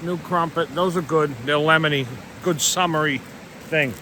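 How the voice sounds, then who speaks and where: A man with a fairly high voice talks casually to a handheld camera while prospecting outdoors. He is chatty and easygoing. Rushing river water fills the background. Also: steady tone. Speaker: vlogger, gold prospector. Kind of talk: casual outdoor vlog narration. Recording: loud river noise outdoors.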